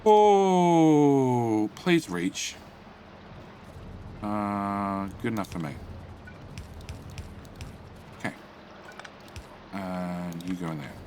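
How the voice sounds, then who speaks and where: Male live streamer, casual running commentary, animated pitch, chats to viewers between build steps. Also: very slow, long pauses, background noise. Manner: chatty, muttering to himself while building; reads out and greets chat. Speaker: game streamer.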